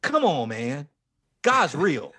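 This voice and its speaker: A man in his forties, a ministry leader, telling his life story with strong emotion, dropping to a hush and then rising almost to a shout. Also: a little high, wildly swooping pitch, slow, breathy edge. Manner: passionate, swings from hushed to near-shouting. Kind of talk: emotional testimony in an interview.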